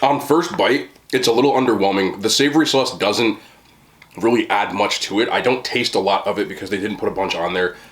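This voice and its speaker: Low-voiced dude doing a mukbang, chatty, talks with his mouth full, desk mic. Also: fairly quick. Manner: chatty, talks while chewing, frequent fillers. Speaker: mukbang food reviewer. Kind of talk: casual food review vlog.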